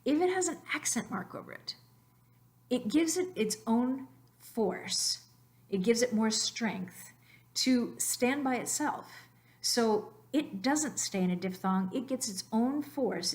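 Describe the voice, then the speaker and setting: A woman narrating a slide lesson on Spanish phonetics, explaining patiently and slowing down to stress key words. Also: on the high side. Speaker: Spanish teacher.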